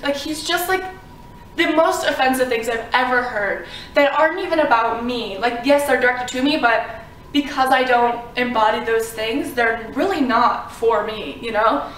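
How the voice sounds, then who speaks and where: A vlogger from Florida, her voice a little high and her pace moderate, tells the camera a personal story in a chatty, wandering way full of "um" and "like." The distant mic captures a roomy sound with a little hiss or hum.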